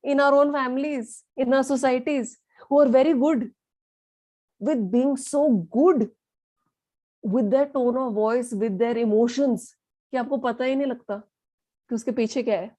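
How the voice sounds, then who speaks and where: Indian woman teaching, high mellow voice. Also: fast talker, pauses often, dry recording. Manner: lively, switches between English and Hindi, asks the audience questions. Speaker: communication skills teacher. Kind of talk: online lesson.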